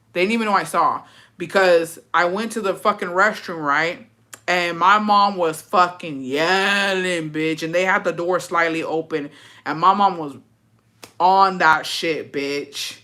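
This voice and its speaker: Her voice is fairly low, pushed and bright as this woman hosts a livestream and tells a story from her own life. Reading chat, she swears freely, replies to comments without softening anything, and keeps throwing in "bitch."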